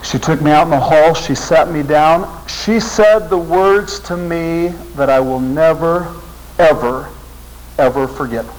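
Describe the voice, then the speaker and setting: Earnest storytelling man, slightly high voice. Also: unhurried, poor audio. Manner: earnest storytelling, voice rising with emotion. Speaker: seminary teacher and speaker. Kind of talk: storytelling talk to a religious audience.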